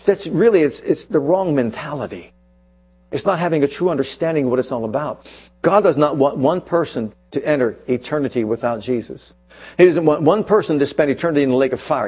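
A man preaching a sermon with emphatic declarations and call-and-response, swinging between loud proclamations and quiet asides. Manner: emphatic, rising to loud declarations and dropping low; leads congregation in call-and-response.

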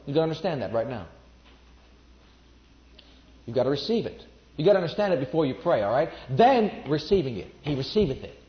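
A man's voice: fairly high pitch, big pitch swings, fast, long pauses. A man preaching a sermon to a congregation, emphatic and repeating his declarations. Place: church before a congregation. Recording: echoey, dull lo-fi recording.

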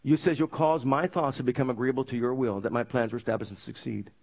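A man preaching a sermon, telling his story with lively energy and asking the congregation for amens. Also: mid-range voice, quick pace, creaky. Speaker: pastor.

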